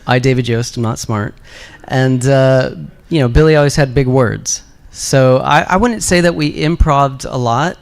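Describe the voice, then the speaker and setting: A man speaking as the guest actor on a fan convention panel, relaxed and candid, with frequent fillers. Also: medium pitch, a little slow, gravelly, hardly any pauses. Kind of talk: casual panel answers.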